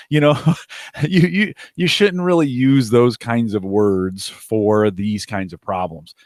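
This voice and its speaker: A man's voice: mid-range voice, takes it slowly, dry recording, clean studio sound. A man co-hosting a podcast, talking casually and rambling, often restarting his sentences. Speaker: podcast co-host.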